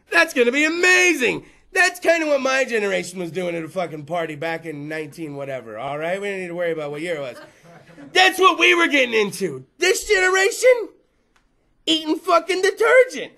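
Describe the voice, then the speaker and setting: High, gravelly, bright-voiced profane man. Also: wildly swooping pitch, moderate pace. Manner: crude, profane, rambling storyteller. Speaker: host. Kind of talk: stand-up style rant to a live room. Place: room with small live audience.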